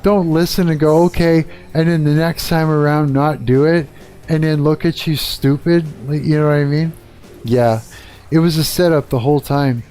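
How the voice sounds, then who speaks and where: A man's voice: fairly high pitch, fairly even intonation, normal speed, warm tone, soft background music. A middle-aged man from Canada, a guitarist hosting a live stream, talking bluntly and swearing a lot in a casual rant. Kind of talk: casual ranting chat.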